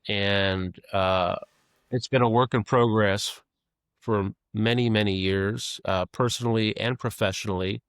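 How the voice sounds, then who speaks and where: A middle-aged man speaking as a podcast guest, candid and self-deprecating, talking haltingly with many fillers and restarts. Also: lowish voice, steady tone, fairly bright tone, clean tone, no echo, clean studio sound. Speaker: podcast guest, advertising creative leader. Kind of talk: candid conversational interview.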